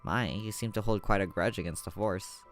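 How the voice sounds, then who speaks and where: A man voicing a calm, polite male private investigator with a measured delivery. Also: fairly low pitch, soft background music, pitched below the performer's own voice, lightly acted. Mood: dry.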